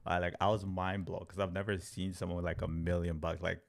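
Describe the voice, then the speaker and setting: A man teaching crypto trading on a livestream, talking in an animated, story-driven way with lots of fillers. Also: deep voice, fairly quick, vocal fry. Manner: animated storyteller, acts out quotes, filler-heavy "like". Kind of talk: livestream talk to viewers.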